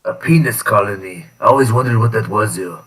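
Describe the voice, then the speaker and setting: A man appearing as a guest on a casual stream, who jokes in a deadpan, trolling way and stops often to say uh. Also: lowish voice, distant mic, low-quality recording. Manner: deadpan, trolling, halting with many uhs. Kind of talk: casual live-stream banter.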